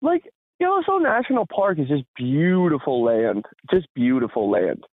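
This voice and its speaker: A man co-hosting a podcast, telling a story in a casual, animated way, laughing often and swearing freely. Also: on the high side, moderate pace, slightly rough, no room sound. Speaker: podcast co-host. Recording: tinny phone-like sound, dry.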